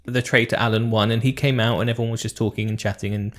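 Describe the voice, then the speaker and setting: A man's voice: on the low side, fairly even intonation, quick pace. A man co-hosting a podcast in casual chat, with a teasing, wry manner. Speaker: podcast co-host.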